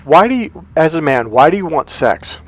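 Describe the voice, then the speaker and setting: A man's voice: on the high side, very animated, normal speed, no echo. Guy coaching dudes on dating, blunt and sweary, faint music in the back. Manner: blunt, profane, emphatic. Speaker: love coach. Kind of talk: coaching monologue.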